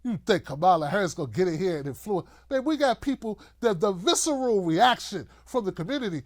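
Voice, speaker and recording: A middle-aged man hosting a political commentary show, ranting loosely to camera in a mocking, animated way and often acting out the voices he quotes. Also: high-pitched, fairly quick, few pauses, no room sound, studio quality.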